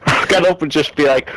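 A man's voice: a little high, fairly bright tone, poor audio. A young man in crude casual banter over a headset, swearing freely and laughing, blunt in how he talks. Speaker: friend in an online gaming chat.

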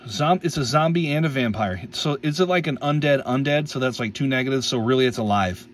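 A man's voice: medium pitch, fairly quick, far from the mic, slight background noise. A man casually opening trading card packs on camera, reading out card names, tripping over some of them and making playful jokes. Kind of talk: casual pack-opening commentary.

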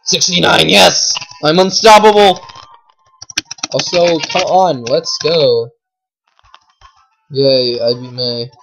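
A woman giving casual commentary while playing a game, chatty with lots of fillers, swinging from low mumbling to shrieking outbursts. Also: slow, gravelly, long pauses, fairly bright tone, slight background noise, rough recording. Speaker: gameplay commentator. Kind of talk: casual let's play commentary.

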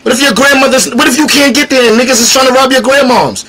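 A man chatting casually on a livestream as a battle rapper guest, animated, profane and combative, teasing the chat directly. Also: very high-pitched, fast talker.

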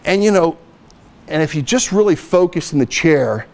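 A middle-aged man giving a poker lecture as a guest speaker, telling lively anecdotes and acting out the dialogue. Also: on the high side, normal speed, gravelly. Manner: animated anecdotes, acts out dialogue. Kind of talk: storytelling lecture.

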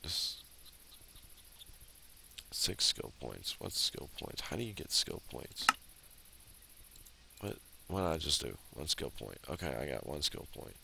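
A man's voice: extremely low pitch, big pitch swings, measured pace, creaky, long pauses. A man giving casual, exasperated commentary while playing a video game, often grumbling and ranting. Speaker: let's play host. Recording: loud background noise.

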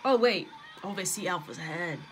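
A young woman reacting live to a TV episode, excitable and emotional, blurting and shouting at the screen and swearing freely. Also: fairly low pitch, normal speed, music in the background, low-quality recording. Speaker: reaction video host. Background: episode soundtrack playing.

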